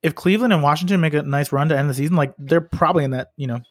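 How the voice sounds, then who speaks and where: Fast-talking young man, casual sports chat. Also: a little high, dry recording, studio quality. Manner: fast, loose, swears casually. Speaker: podcast co-host.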